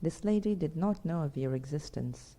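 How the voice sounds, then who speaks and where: A woman narrating an audiobook in measured first-person storytelling. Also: sits low, expressive, dark tone. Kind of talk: scripted narration.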